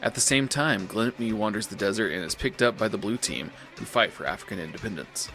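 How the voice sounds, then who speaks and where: A man's voice: on the low side, a little fast, bright, forceful tone, faint music behind. Jokey male podcast co-host. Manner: jokey, laughs easily. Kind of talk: casual chat and episode recap.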